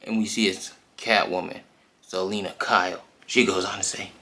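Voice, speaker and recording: Gravelly man retelling a comic, slangy. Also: low voice, moderate pace. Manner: slangy, animated, full of fillers. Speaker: comic book reader.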